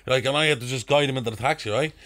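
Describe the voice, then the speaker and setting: Speaking very fast in a slightly bright, mid-range voice, a young Dublin man tells a drunken anecdote as a podcast guest. His casual story is full of crude slang and acted-out voices.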